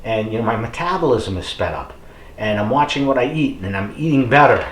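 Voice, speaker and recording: A man's voice: medium pitch, expressive, fairly quick, a bit bright, reverberant, slight background noise. A middle-aged man talking casually to camera, rambling with many fillers and urging his viewers on. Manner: encouraging, addresses viewers as folks. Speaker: fitness vlogger. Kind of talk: casual motivational talk to camera.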